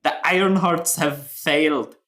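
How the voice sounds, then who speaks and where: A man voicing a frantic male dwarf herald who warns of doom, his voice trembling as he proclaims loudly and urgently. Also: a little high, steady tone, unhurried, pitched above the performer's own voice.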